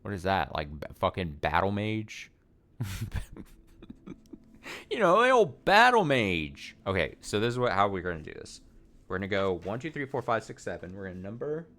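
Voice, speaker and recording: Deep-voiced guy streaming a puzzle game, talks it through out loud, swears a lot, mocks himself. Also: animated, brisk. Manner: thinks aloud, swears casually, self-mocking. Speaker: let's play streamer. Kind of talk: casual gameplay commentary.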